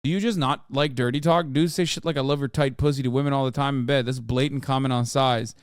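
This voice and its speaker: A man's voice: mid-range voice, steady tone, fast talker, smooth, dry recording, clean studio sound. A man in his thirties streaming casual, profane reaction commentary, ranting and mocking in an exasperated way.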